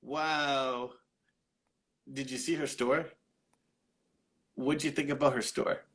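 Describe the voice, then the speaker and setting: Upbeat host man with a bright voice. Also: mid-range voice, fairly even intonation, slow pace. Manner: upbeat, laughs often. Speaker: host and dance instructor. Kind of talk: casual live-stream interview.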